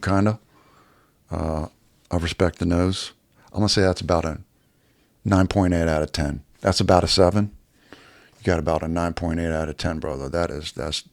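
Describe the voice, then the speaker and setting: Deep gravelly man telling a blunt story. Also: no room sound. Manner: profane, blunt, rambling. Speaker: YouTuber. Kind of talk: casual storytelling vlog.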